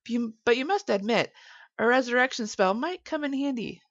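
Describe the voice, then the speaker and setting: A woman's voice: fairly high pitch, lively intonation, fairly quick, no echo, pitched above the performer's own voice. A woman voicing a wry, probing detective who asks sarcastic questions, in a dull lo-fi recording.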